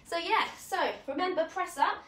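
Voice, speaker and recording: A bright, high-voiced woman runs a live fitness technique class, talking chattily as she demonstrates each move. She sounds a little out of breath and encouraging. Her voice bounces around an echoey room. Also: moderate pace, distant mic, slight background noise. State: slightly out of breath. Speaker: fitness coach.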